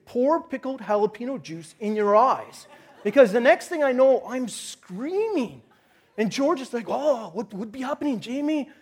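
Animated storytelling pastor, high male voice. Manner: animated storytelling, acts out his own shouting. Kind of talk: sermon with personal story.

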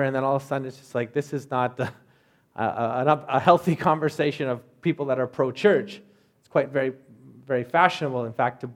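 A man in his thirties preaching a sermon as a pastor, in a conversational way with rhetorical asides. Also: a little high.

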